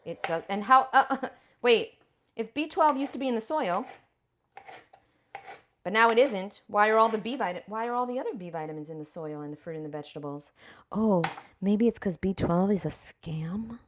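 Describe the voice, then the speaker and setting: Her mid-range voice is expressive, fairly quick and a bit bright, with a little hiss or hum in the recording. A raw vegan vlogger, she cooks in her home kitchen while chatting candidly and profanely with her livestream viewers, addressing them directly.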